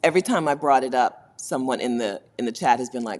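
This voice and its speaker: A woman's voice: a bass voice, expressive, fast, darkish tone. Chatty woman laughing often. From United States. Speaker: host. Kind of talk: casual livestream chat.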